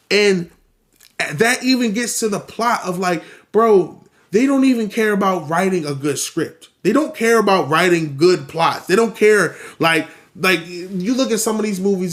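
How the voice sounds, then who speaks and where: A man hosting a solo podcast, ranting casually and animatedly, swearing often and repeating himself. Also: sits high. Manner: animated, profane, repeats himself, acts out quotes. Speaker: podcast host.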